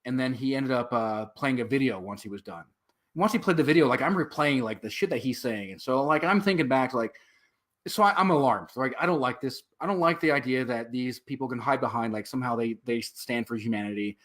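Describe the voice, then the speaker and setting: A man's voice: mid-range voice, a little fast, a bit bright. A man, a veteran and activist, telling his story as a guest in a casual interview, rambling with many fillers and swear words.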